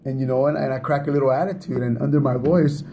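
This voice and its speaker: A man speaks in a casual, teaching way about relationships, often stumbling over and repeating words and chuckling at himself. His voice is very dark and mellow. A faint noise runs under the recording. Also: mid-range voice, fairly even intonation, fast talker.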